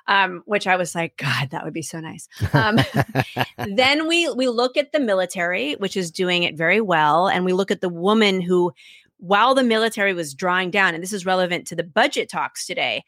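A woman's voice: fairly low pitch, lively intonation, normal speed, fairly bright tone, dry recording, studio quality. A woman telling stories in a casual interview, enthusiastic, laughing often and acting out quotes. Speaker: podcast creator, guest.

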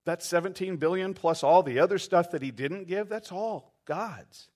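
A pastor preaches in an animated way, acting out quoted voices. His voice sits a little high for a man, and he calls on the listeners to answer back. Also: normal speed. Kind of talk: sermon.

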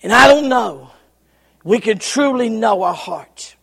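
A man preaching a revival sermon in a church, swinging from shouted lines to hushed, near-whispered ones. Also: high-pitched, animated, slow, gravelly, husky. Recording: church hall reverb.

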